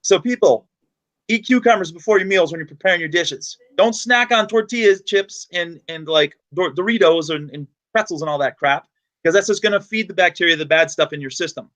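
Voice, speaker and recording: Man from the United States, podcast host, rapid talker, rather high voice, chatty. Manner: energetic, chatty, storytelling. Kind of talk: casual podcast chat.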